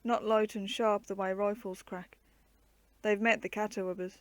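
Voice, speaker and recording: A woman voicing a gruff male woodsman who growls his words in blunt frontier speech. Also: medium pitch, steady tone, a little slow, no room sound, natural voice. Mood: grim.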